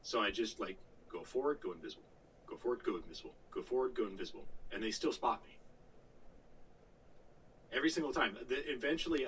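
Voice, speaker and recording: A man co-hosting a podcast tells a long gaming story in casual chat, full of fillers, restarts and the odd swear word. His voice is medium-pitched and fairly bright, but the low-quality recording picks him up from a distance with slight background noise.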